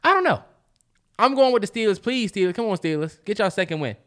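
A man co-hosting a casual sports podcast, blunt and swearing in animated banter. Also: high voice, quick pace. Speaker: podcast co-host.

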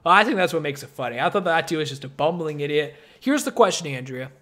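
A man co-hosting a casual film review chat, animated and laughing often. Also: on the high side, quick pace. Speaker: podcast co-host.

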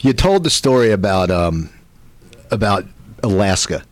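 A man's voice: on the low side, sing-song, measured pace, no room sound. A man interviewing a guest, eagerly prompting him to tell a story. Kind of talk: casual chat.

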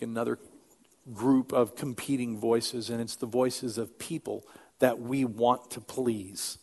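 An older man, a pastor, preaching a sermon in an earnest, emphatic way that drops to quiet asides. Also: mid-range voice, gravelly.

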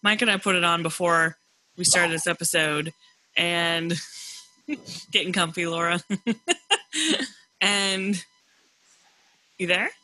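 A woman's voice: fairly low pitch, fairly even intonation, slow, long pauses, pushed and bright, no echo, rough recording. A woman co-hosting a podcast over a video call from home, chatting casually, rambling and laughing often. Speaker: podcast co-host. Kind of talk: casual chat.

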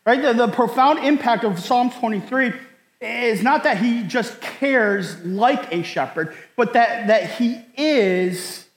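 A man delivers a sermon in an earnest, deliberate way, often doubling his words and checking in with "right?". His voice sits high and moves at an unhurried pace. The sound is roomy, with a long reverb that points to a large church sanctuary. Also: fairly bright tone. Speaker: pastor. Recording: echoey hall, long reverb.

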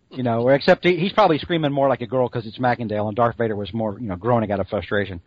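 A man's voice: medium pitch, fast, highs cut off. Rambling, jokey podcast man. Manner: rambling, jokey, full of fillers. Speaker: podcast co-host. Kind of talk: casual comic-book podcast chat.

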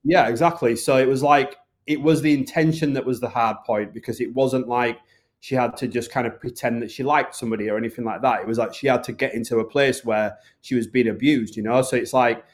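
A man's voice: mid-range voice, steady tone, fairly quick. A man with a Northern English accent, a film director talking casually and earnestly in an interview, full of "like" and "you know". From Northern England. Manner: earnest, rambling, filler-heavy.

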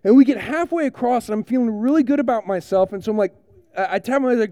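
A high-voiced young man preaches to children in a playful, animated way. His tone is mellow and soft-edged, and the sound is close and dry, with no room echo. He talks straight to the kids and keeps asking them questions. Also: fast talker. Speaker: pastor giving a children's sermon. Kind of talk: sermon storytelling to kids.

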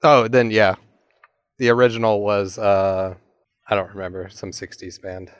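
A man in casual group chat, easygoing and quick to laugh. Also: lowish voice, level tone, clean tone, no echo.

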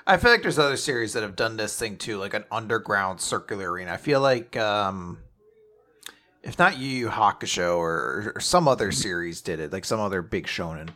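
A man's voice: fairly low pitch, animated, brisk, sharp tone. A man co-hosting a podcast in casual chat, amused and laughing often. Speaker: podcast co-host.

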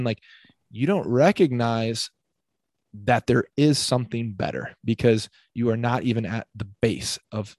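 A man's voice: mid-range voice, dry recording. Upbeat man, filler-heavy chat, dry sound. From Midwest United States. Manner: energetic, heavy use of "like". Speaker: fitness coach guest. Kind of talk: casual podcast conversation.

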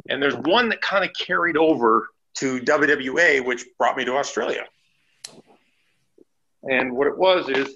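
A man, a former wrestler, telling chatty, animated anecdotes as a guest on a podcast interview. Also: medium pitch, dull audio, background noise. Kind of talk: casual storytelling interview.

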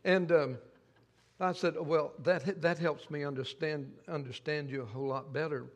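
An older man preaching a sermon as pastor, telling a story in a halting way and often repeating his words. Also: fairly high pitch, steady tone, in a large hall.

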